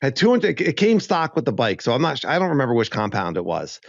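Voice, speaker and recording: A man's voice: medium pitch, very animated, quick pace, gravelly, no echo, highs cut off. A man co-hosting a casual mountain bike podcast, enthusiastic and reflective, sometimes stumbling over his words. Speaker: podcast co-host. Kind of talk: casual chat.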